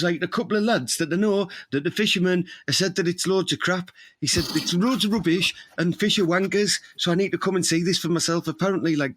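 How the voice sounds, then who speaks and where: A man's voice: high voice, fairly bright tone, no echo. A man, co-hosting a comedy podcast with blunt, laddish, rambling banter. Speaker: podcast co-host. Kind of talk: crude comic banter.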